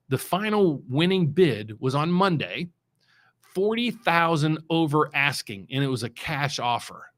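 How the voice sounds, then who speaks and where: This is a middle-aged man from West Virginia who works as a mortgage loan officer and hosts a show, giving casual, unscripted takes on the market. His pitch is fairly high and his tone fairly bright. The delivery rambles, with many restarts and strong stress on key terms.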